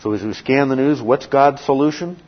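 A man's voice: mid-range voice, moderate pace. A man preaching a verse-by-verse sermon as a Bible teacher, emphatic, reading scripture and asking and answering his own questions. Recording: dull lo-fi recording.

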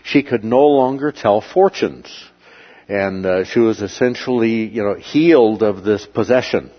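Halting low-voiced man teaching a Bible lesson. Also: lo-fi sound. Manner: halting, many filler sounds between phrases. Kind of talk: slide-illustrated Bible lesson.

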